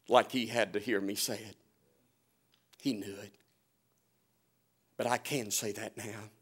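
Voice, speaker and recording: A man preaching a storytelling sermon in a folksy, humorous way, chuckling often and swinging between loud and hushed delivery. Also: mid-range voice. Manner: often chuckles while telling stories.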